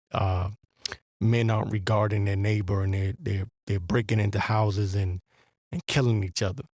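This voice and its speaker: A man's voice: lowish voice, vocal fry, a little mellow, dry recording, clean studio sound. A man hosting a podcast, delivering a blunt, profane, rambling religious commentary with a preacher-like edge. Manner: rambling with restarts. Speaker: podcast host.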